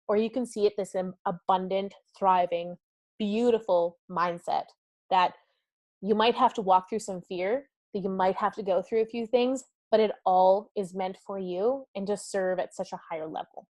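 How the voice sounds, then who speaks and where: Bubbly, fast-laughing woman hosting live. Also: medium pitch, no echo. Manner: energetic and effusive, laughs often; talks directly to viewers and reads comments aloud. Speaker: summit host. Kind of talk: live-streamed motivational talk.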